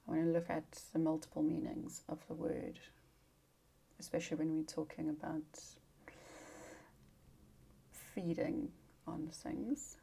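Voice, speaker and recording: A woman's voice: low-pitched, completely flat delivery, unhurried, vocal fry, long pauses, dark tone, husky, whispered. A woman teacher giving a casual recorded lesson, chatty and informal with asides, sounding tired. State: tired, yawning.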